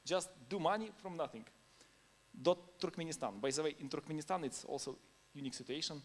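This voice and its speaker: Using non-native English, a man gives a casual conference talk built around anecdotes, laughing occasionally between points. His voice is a bit high and fairly quick.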